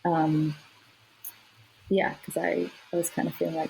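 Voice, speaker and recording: Podcast guest, woman, lower register with a husky edge, casual storyteller. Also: poor audio. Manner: chatty, quick to laugh, many fillers. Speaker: podcast guest sharing her birth story.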